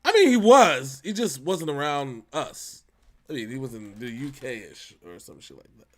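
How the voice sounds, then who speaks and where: Animated joking man hosting a reaction show. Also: medium pitch, moderate pace. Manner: animated, joking, big swings in loudness. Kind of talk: casual banter.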